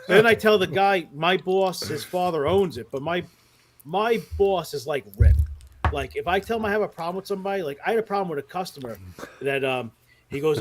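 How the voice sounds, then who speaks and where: A man with a high, light voice spins animated, foul-mouthed stories on a casual podcast. He often laughs mid-sentence and keeps the energy up as the tale builds. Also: brisk. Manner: animated, profane, laughs through his stories. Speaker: podcast guest who works as a mall Santa.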